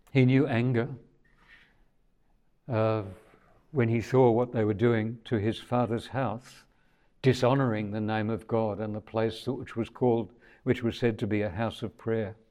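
A man's voice: on the low side, mellow. A man preaching a sermon in a conversational, thoughtful way, often restarting his sentences.

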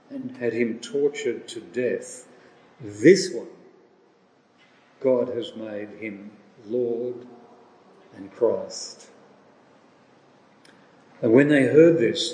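Slow preacher in an echoing hall. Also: male voice, mid-range voice, dark tone. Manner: slow, deliberate delivery with rhetorical questions. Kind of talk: sermon. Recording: roomy with long reverb.

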